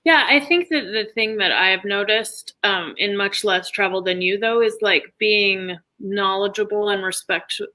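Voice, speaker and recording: A woman hosting a casual interview, asking relaxed, friendly questions. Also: mid-range voice, normal speed, few pauses, rough recording. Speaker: interview host.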